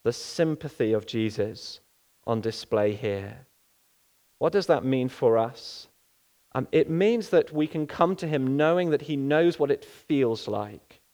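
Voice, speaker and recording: A man's voice: fairly high pitch, a little mellow. Earnest man preaching a sermon. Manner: earnest, unhurried, slows down for key phrases.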